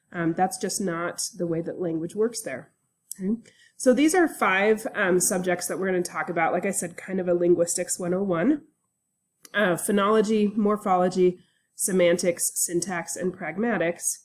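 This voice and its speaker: A woman university instructor giving a casual recorded online lecture, relaxed and chatty with frequent fillers. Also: lowish voice.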